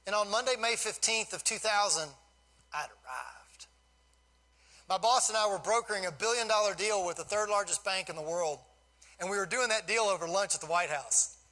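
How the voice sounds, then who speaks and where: A man in his fifties giving an animated, folksy storytelling speech to a live audience as a guest speaker. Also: high-pitched, moderate pace, poor audio.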